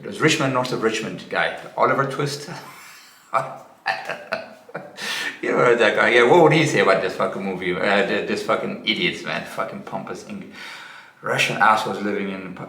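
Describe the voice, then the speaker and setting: Male commentator, low gravelly voice, sarcastic and angry, profane, roomy echo. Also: pushed and bright, slight background noise. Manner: angry, sarcastic, heavy swearing, halting restarts. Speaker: commentator reacting to a clip.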